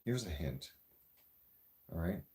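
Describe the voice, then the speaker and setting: A man's voice: low-pitched, lively intonation, takes it slowly, warm tone. A man with a Toronto Canadian accent, ranting to camera in a blunt, profane and sarcastic vlog monologue. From Greater Toronto Area, Canada. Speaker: vlogger.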